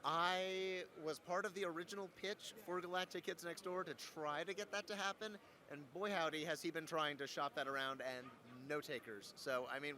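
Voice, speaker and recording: Man, young adult, voice actor guest, bright tone, slightly high voice, playful storyteller. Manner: playful, joking, animated storyteller. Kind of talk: casual interview chat.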